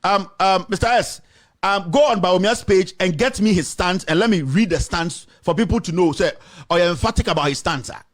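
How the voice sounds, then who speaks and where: A Ghanaian man hosts a political call-in radio show with a fiery, combative delivery. His voice sits fairly high for a man, and he moves quickly between English and Twi. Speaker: radio talk show host. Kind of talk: heated political talk radio.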